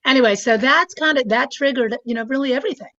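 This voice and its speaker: A woman's voice: sits high, fast, pushed and bright, lo-fi sound. A woman in her sixties, chatting casually as an interview guest, with lots of fillers and frequent laughter. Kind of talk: casual storytelling.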